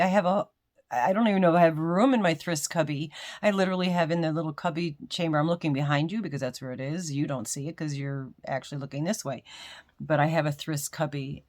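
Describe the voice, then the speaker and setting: A low-pitched woman talks through a casual unboxing at home, rambling from one story to the next. She often restarts her sentences and pokes fun at herself. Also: steady tone, brisk, darkish tone. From United States. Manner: rambling, chatty, self-deprecating with frequent restarts. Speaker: crochet vlogger.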